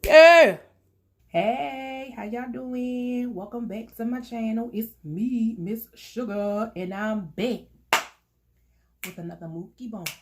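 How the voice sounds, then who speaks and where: A woman's voice: on the high side, slow pace, mellow. A young woman chatting playfully to her viewers while eating, laughing often as she talks. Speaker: mukbang vlogger. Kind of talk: casual chat while eating.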